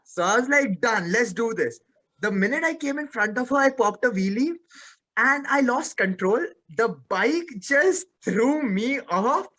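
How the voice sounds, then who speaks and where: A young man, an actor being interviewed, telling lively anecdotes and acting out the voices in them. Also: very high-pitched, measured pace. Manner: animated storyteller who acts out the voices in his stories.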